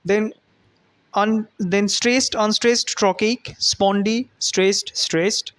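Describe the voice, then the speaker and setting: A man teaching a lecture and explaining step by step, often pausing with "uh, you know" and checking in with a rising "hmm?". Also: high voice, fairly even intonation, a bit bright. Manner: halting, many fillers, rising "hmm?" checks. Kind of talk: classroom lecture.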